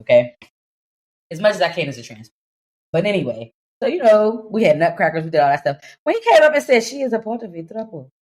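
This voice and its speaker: A young adult woman co-hosting a podcast, telling a story in casual chat, animated and laughing, slipping into voices for the people in it. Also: mid-range voice, quick pace. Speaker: podcast co-host.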